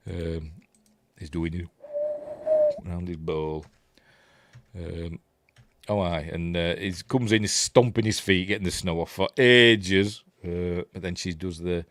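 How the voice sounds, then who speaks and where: A man's voice: sits low, normal speed, no echo, clean studio sound. A man with a Yorkshire accent hosting a casual film commentary, chatty and rambling, full of fillers and unsure asides. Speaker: host.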